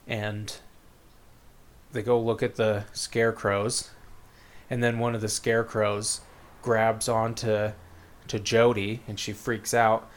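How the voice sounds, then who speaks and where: Laid-back man with a low, flat voice. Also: slow pace. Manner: rambling, laid-back, lots of fillers and quoted voices. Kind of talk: casual chat, retelling a book plot.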